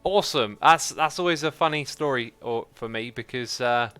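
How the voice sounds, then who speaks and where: Bright, chatty man streaming games. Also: medium pitch, normal speed, clear, resonant tone, soft background music. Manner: chatty, excitable, thinks aloud, reads chat messages out. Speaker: livestream host. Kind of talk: live gameplay commentary.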